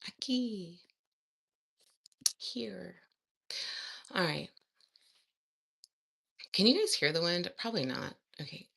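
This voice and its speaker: Giggly woman with a gravelly voice. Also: on the low side, expressive, slow, pauses often, fairly bright tone. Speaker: language learner vlogger. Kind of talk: casual study vlog, reading exercises aloud.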